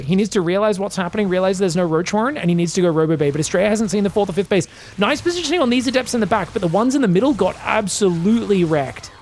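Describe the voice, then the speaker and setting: Man, esports caster, solo play-by-play, excitable, chatty asides to viewers. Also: sits high, a little hiss or hum. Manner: excitable, shouting reactions to plays. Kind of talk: solo game commentary.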